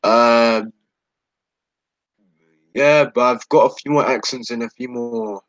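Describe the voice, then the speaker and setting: A man's voice: mid-range voice, fairly even intonation, takes it slowly, a bit bright, no room sound, lo-fi sound. Young British man, stammering and rambling, dry close sound; casual vlogger venting. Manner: hesitant and rambling, stammering restarts. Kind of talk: casual vlog rant.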